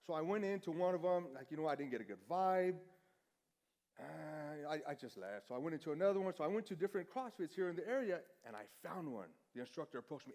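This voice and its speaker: A man gives a sermon as a relaxed, self-deprecating story, slipping into the voices of the people in it. His voice sits a little high for a man, and his delivery is loose and conversational. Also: fairly quick. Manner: casual, self-deprecating, acts out dialogue. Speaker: pastor.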